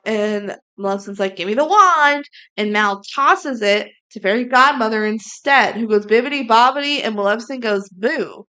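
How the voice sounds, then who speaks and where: Animated woman recapping a movie. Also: mid-range voice. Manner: animated, acts out character lines in quick impressions. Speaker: podcast co-host. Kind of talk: casual chat recapping a movie.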